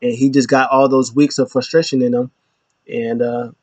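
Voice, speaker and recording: A man's voice: medium pitch, level tone, normal speed, darkish tone, no room sound. A man hosting a casual wrestling recap, talking loosely and rambling with lots of fillers. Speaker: show host. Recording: slightly dull lo-fi, dry.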